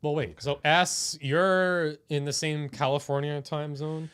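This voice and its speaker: A man co-hosting a live stream, chatting in a laid-back way and thinking out loud. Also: fairly high pitch, fairly even intonation, a little slow, clear, resonant tone. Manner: laid-back, laughs often, thinks aloud. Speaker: stream co-host. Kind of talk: casual live-stream chat.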